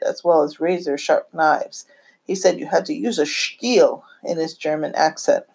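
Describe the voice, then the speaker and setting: A woman with a low, mellow, slightly husky voice reads a family memoir aloud. She reminisces in a gentle, unhurried way. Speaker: narrator.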